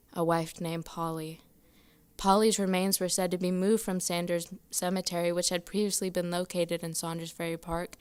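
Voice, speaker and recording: A woman slowly reading her own ghost story aloud in a steady voice. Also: fairly low pitch, clear, resonant tone. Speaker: student reader.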